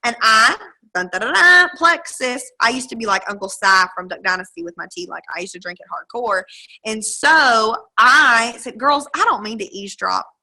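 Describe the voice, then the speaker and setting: A woman's voice: mid-range voice, normal speed, sharp tone, low-quality recording. A woman, giving an emphatic, chatty coaching talk to her sales team over a video call. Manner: emphatic, chatty, acts out quoted dialogue. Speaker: direct-sales team leader.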